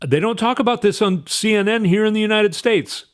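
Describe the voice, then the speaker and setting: A man hosts a commentary show, reading news aloud in a casual, emphatic way and repeating words for stress. His voice sits high and he talks a little fast.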